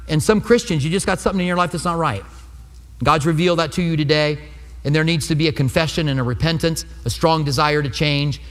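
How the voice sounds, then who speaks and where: A man's voice: on the high side, fairly bright tone. Earnest male pastor in a reverberant hall. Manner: personal testimony, conversational and earnest. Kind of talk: sermon.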